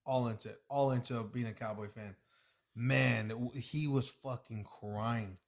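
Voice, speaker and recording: A man co-hosting a podcast in casual sports chat, telling animated stories and swearing often. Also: mid-range voice, unhurried, gravelly. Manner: excited storytelling, frequent swearing. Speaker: podcast co-host.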